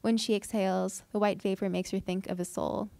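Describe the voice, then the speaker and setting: A woman reads her own fiction aloud in a measured, deliberate way, her voice sitting at a middling pitch. The sound is close and dry, with almost no room around it. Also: level tone, creaky, dark tone, no echo. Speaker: fiction writer reading her work. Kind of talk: literary reading aloud. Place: event hall.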